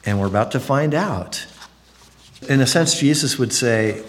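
A male pastor preaching a sermon in an earnest, conversational way, swinging between high emphatic phrases and low quiet ones. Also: expressive, measured pace. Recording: long hall reverb.

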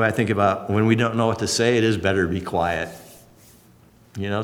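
A man preaching a sermon as a pastor, folksy and conversational, with sudden bursts of excitement. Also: fairly low pitch, long reverb tail. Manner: animated, folksy and conversational, leaps up for exclamations.

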